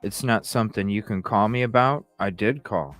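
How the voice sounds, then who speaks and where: A man's voice: fairly low pitch, normal speed, fairly bright tone, no room sound, soft background music. A man hosting a podcast, reading text messages aloud and reacting with profane, incredulous commentary. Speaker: podcast host.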